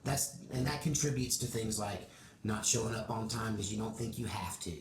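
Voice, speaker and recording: A man's voice: lowish voice, normal speed. A middle-aged man with a Texas accent, a band member chatting folksily in an interview, with many fillers. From Oregon. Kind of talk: casual interview chat. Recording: echoey room with crowd noise.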